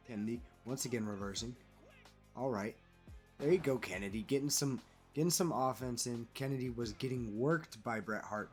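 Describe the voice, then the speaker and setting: A man giving casual, animated play-by-play commentary over a wrestling video game he is playing, calling players "brother". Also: mid-range voice. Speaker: gaming commentator.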